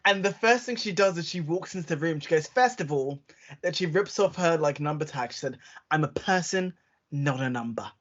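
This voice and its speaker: A man's voice: on the high side, brisk, muffled recording. A man co-hosting a podcast, chatting casually and acting out quotes as he tells a story. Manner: chatty storytelling, acts out quotes, laughs often. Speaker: podcast co-host. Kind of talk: casual chat.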